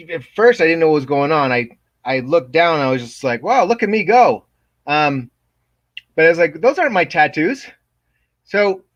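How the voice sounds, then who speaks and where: A man with a slightly high voice doing improvised stand-up, delivering jokes in a hesitant, flat, confessional way with plenty of fillers. His sound is a little dull and muffled. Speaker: stand-up comedian.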